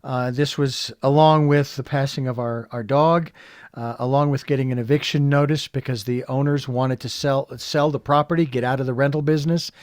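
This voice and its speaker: A man hosting an interview, retelling a personal story in an animated, reflective way with many fillers. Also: mid-range voice, moderate pace, no room sound, studio quality. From California. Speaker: podcast host.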